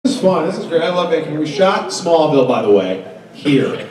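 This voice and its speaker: Very animated and speaking fairly quickly, this fairly high-voiced man in his thirties is an actor on a fan convention Q&A panel, joking and playing out the characters in his funny stories. The distant recording captures the echo of a large hall, a loud audience, and background noise.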